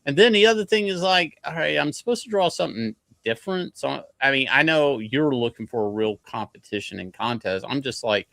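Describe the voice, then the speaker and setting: A man's voice: mid-range voice, expressive, fairly quick, vocal fry, hardly any pauses, a bit bright, dry recording. A man chatting as a guest on a casual livestream, blunt and profane, talking matter-of-factly about his work. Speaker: guest artist.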